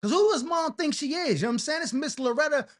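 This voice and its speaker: A man's voice: very high-pitched, lively intonation, fast talker. A man hosting an advice show, talking in a slangy, fired-up, heated way. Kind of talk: casual advice rant.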